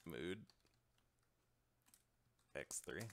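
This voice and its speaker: A man's voice: a bass voice, lively intonation, extremely slow, a bit bright. A man giving live gameplay commentary as a streamer, trash-talking opponents and swearing, with sudden yelps and laughter.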